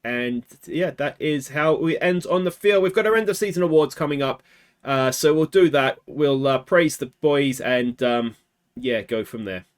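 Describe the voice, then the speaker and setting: An Australian man hosting a let's play, talking casually through a game and swinging from quiet muttering to anguished shouts. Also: a little high, moderate pace.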